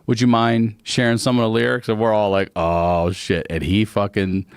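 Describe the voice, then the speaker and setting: A man's voice: fairly low pitch, normal speed, creaky, clean tone, no echo, clean studio sound. A man from Baltimore telling a long funny story in casual chat, acting out voices as he goes. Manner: animated, acts out voices and sings bits. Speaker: comedian guest.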